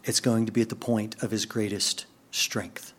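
A man preaching a sermon, moving between quiet, hushed passages and excited, raised outbursts. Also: fairly low pitch, moderate pace. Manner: animated, swings from hushed to excited. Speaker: pastor.

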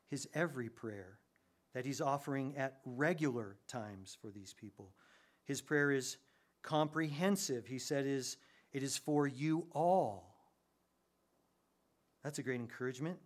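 A man preaching a sermon, animated, with his voice rising sharply when he gets excited. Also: medium pitch. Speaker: pastor.

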